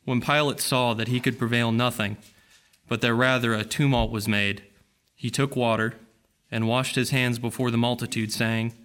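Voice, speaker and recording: A man's voice: mid-range voice, steady tone, normal speed, a bit bright. Man reading scripture steadily. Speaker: scripture reader.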